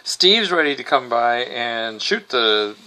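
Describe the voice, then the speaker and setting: Male podcast host, sarcastic recap style, bright and crisp tone. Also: mid-range voice, very animated, takes it slowly. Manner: wry, sarcastic asides. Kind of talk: casual comic recap.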